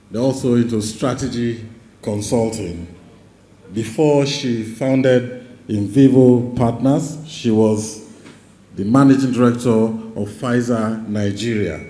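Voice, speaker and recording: A man acting as master of ceremonies at a conference, introducing the next session in a slow, formal manner with pauses. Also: medium pitch, dark tone. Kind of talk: formal event announcing. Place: large conference hall. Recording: echoey hall.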